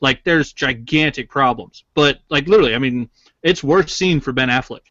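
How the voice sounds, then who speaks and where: A man's voice: mid-range voice, normal speed, a bit bright, dry recording, lo-fi sound. Opinionated man arguing on a podcast. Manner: opinionated, argumentative, swears casually. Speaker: podcast co-host. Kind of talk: casual podcast chat.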